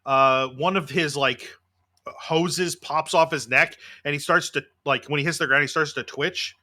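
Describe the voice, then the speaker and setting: Bright-voiced man running a tabletop game. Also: on the high side, fairly even intonation, measured pace. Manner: methodical, explains rules with many fillers. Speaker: game master.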